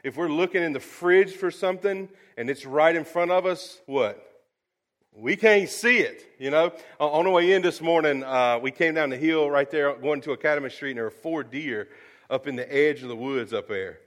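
Folksy pastor, slightly high voice. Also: male voice, normal speed. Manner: folksy, storytelling, animated with sudden soft drops. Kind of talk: sermon.

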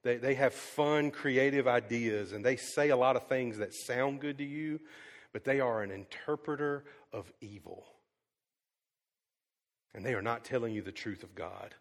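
A man preaching to his congregation at an ordinary pitch, his voice carrying with a long reverb through a church hall. He tells stories with animated energy, dropping to a hush and then booming out again, and he pauses often on fillers like um. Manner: animated storytelling, swings from hushed to loud; frequent "um" fillers and restarts. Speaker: pastor. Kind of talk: sermon.

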